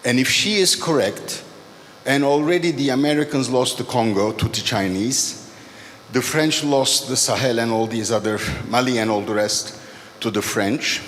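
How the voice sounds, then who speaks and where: A man in the audience who asks a panel a question in a deliberate way, pausing as he speaks, in a conference hall. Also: mid-range voice, a bit bright. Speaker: audience member asking a question. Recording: echoey hall with faint background noise.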